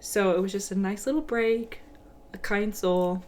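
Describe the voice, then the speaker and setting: A young adult woman co-hosting a podcast, relaxed and chatty as she reads out a listener's story. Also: medium pitch, measured pace. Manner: relaxed, chatty, laughs easily. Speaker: podcast co-host. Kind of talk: casual chat.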